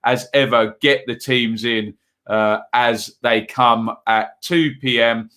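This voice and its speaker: Between brief match updates, a man streaming football live reads out viewers' comments, rambling casually and using plenty of fillers. His voice is bright, forward and middle-pitched.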